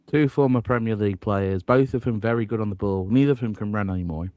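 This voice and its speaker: A man co-hosting a football podcast, talking in a lively, humorous and wry way. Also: on the low side, fast, no echo, phone-quality sound. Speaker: podcast co-host. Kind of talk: casual football chat.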